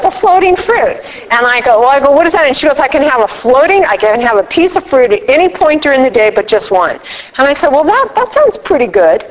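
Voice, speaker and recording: A middle-aged woman giving a recovery workshop talk, an animated storyteller who acts out both sides of her conversations. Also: on the high side. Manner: animated storyteller acting out dialogue. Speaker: workshop speaker. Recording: reverberant hall.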